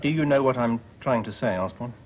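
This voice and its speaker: An actor playing a pompous, self-important middle-aged office manager in a 1990s studio sitcom. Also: male voice, medium pitch, a little fast, lightly acted. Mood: solemn. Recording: dull broadcast sound, studio audience laughter.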